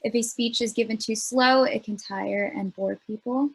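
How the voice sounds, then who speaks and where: A woman's voice: fairly high pitch, fairly even intonation, normal speed, vocal fry, slightly rough. Young woman presenting a speech workshop. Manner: earnest, explanatory, with frequent ums.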